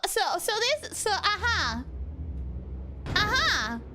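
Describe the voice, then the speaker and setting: Very high-pitched excitable woman streamer. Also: a little slow, background noise. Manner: excitable, jumpy, repeats herself when startled; greets chat viewers by name. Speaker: streamer playing a video game. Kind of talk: live gameplay commentary. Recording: game music playing behind.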